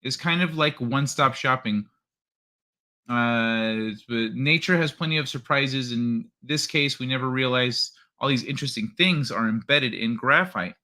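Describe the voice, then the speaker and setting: Guy hosting a late night stream, swears a lot, trips over articles, bright voice. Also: mid-range voice, a little slow. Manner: swears, stumbles over read text. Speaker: livestream host. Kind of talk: casual chat and reading news aloud.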